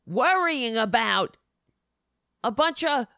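A woman's voice: a little high, slow, dry recording, clean studio sound. Tired, sarcastic woman show host. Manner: sarcastic, animated rants. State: tired and sleepy. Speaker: political talk show host. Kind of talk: casual political commentary.

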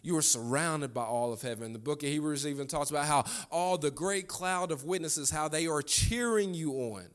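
A man's voice: a little high, moderate pace, few pauses. A man preaching a sermon, repeating his lines for emphasis and calling on the congregation to answer back. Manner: fervent call-and-response preaching, repeats phrases.

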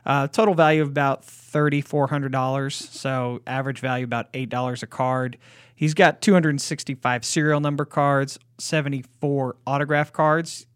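A man's voice: mid-range voice, steady tone, moderate pace, smooth, dry recording, studio quality. A man hosting a sports card podcast, talking steadily and informatively with many short affirmations. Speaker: podcast host. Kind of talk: casual chat and card price rundown.

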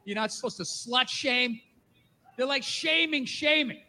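High, bright-voiced ranting comedian man. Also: unhurried. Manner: profane ranting, mock voices. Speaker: stand-up comedian. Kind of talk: stand-up comedy routine.

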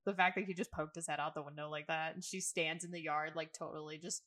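A woman's voice: low-pitched, fairly even intonation, fast talker, pushed and bright. A woman co-hosting a podcast, chatting casually and with slang about a TV episode, laughing often. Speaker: podcast co-host. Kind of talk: casual recap chat.

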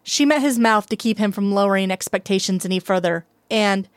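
A woman reading a story aloud as narrator, steady and unhurried. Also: medium pitch, no echo. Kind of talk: reading fan fiction aloud.

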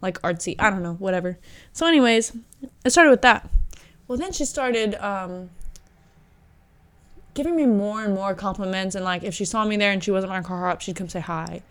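A young woman hosting a podcast, telling a story in a casual, animated way and laughing often. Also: medium pitch, normal speed, pauses often, clear, resonant tone. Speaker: podcast host. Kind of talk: casual chat.

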